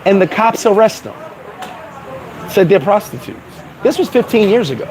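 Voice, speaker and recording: A man vlogging outdoors in town, telling stories in an emphatic, animated casual rant. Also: sits high, moderate pace, a crowd in the background, poor audio.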